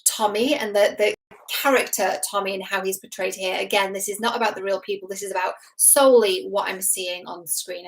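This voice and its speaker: Speaking directly to the camera, a woman in her thirties, a relationship expert and show host, breaks down a couple from a show with earnest, analytical care. Her pitch is ordinary and mid-range, and as she thinks aloud she often pauses on fillers and starts sentences over, in a casual reaction-commentary style.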